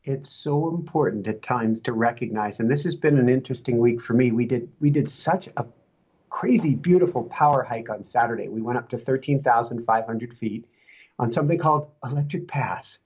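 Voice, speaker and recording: A podcast co-host chatting casually and telling an anecdote in a relaxed way, with fillers. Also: medium pitch, fairly quick, husky, lo-fi sound. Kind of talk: casual chat.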